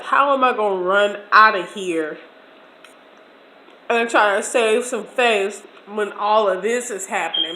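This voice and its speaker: A woman in her forties telling a personal story in a chatty, slangy, expressive way during a casual meal video. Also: medium pitch, slight background noise. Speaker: vlogger. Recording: echoey room.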